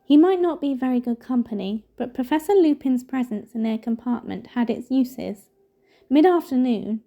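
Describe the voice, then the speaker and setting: Woman reading a novel aloud, mellow. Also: a little high, lo-fi sound. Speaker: storybook reader.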